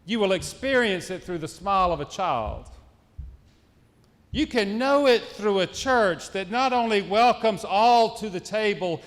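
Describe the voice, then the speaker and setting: A man with a high voice preaches an Easter sermon at an unhurried pace, building his points through rhythmic repetition. His words ring out with the long reverb of a church sanctuary. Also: lively intonation. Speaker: pastor.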